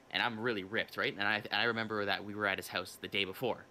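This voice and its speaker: A young man hosts a laid-back podcast, rambling through an old story full of restarts and swearing. His voice is low-set but very bright and edgy. A faint hiss of noise sits behind him. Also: fairly even intonation, fast talker, hardly any pauses. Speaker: podcast host. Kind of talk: casual storytelling chat.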